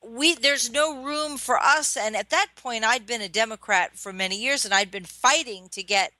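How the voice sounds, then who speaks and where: A woman's voice: on the high side, normal speed, pushed and bright, dry recording. A woman in her fifties hosting a radio interview, reacting with short exclamations and adding her own memories. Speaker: radio show host.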